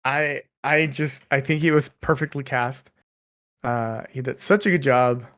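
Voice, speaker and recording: A man's voice: medium pitch, fairly even intonation, measured pace, fairly bright tone. A man co-hosting a podcast, chatting casually with lots of fillers and restarts. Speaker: podcast co-host. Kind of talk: casual chat.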